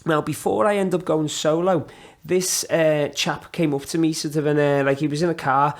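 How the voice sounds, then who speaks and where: An English man in his thirties sits as a podcast guest and tells his stories in a casual, animated way. His voice sits a little high for a man. He acts out the other people's lines as he goes. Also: normal speed. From England. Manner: animated anecdotes with laughs and acted-out dialogue. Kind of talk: casual storytelling.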